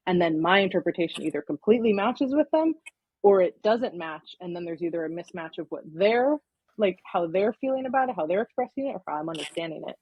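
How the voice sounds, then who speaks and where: A woman's voice: lowish voice, fairly quick, darkish tone, husky, no room sound, low-quality recording. A woman, a counseling intern, talking in a casual podcast interview, explaining at length with many verbal fillers.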